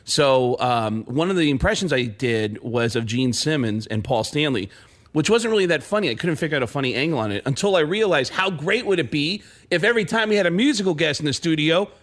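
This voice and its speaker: A male comedian guest on a radio show, telling anecdotes full of quick impressions. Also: fairly high pitch, lively intonation, fairly bright tone.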